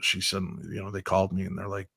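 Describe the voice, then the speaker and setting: A middle-aged man with a very deep, low voice tells a personal story as a radio guest. He speaks in a measured, reflective way with small hesitations. The sound is dry and close, with no room echo. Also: monotone, gravelly, a bit bright, breathy edge.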